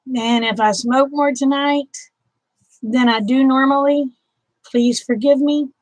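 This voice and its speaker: A Southern woman with a high voice talks to her viewers on a livestream, emotional and close to tears. Her chatty voice sounds dry and close to the mic. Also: steady tone, slow, no room sound, low-quality recording. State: tearful. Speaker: livestream host. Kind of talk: casual live chat with viewers.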